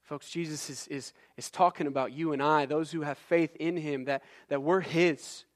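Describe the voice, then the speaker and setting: High-voiced preacher building through repetition. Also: male voice, fairly even intonation, normal speed. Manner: preaching, rising in intensity on repeated phrases. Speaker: pastor. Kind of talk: sermon.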